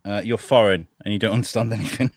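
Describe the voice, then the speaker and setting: A man's voice: on the low side, fairly even intonation, quick pace, no room sound, studio quality. A man, hosting and setting up improv games in chatty, stop-start talk. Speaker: podcast host. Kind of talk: casual chat, running improv games.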